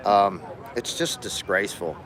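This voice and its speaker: A man's voice: on the low side, a little slow. A man livestreaming from a protest, combatively calling out passersby and daring them to come and debate. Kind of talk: livestream commentary. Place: outdoors at a rally by a capitol building. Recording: outdoor rally crowd noise.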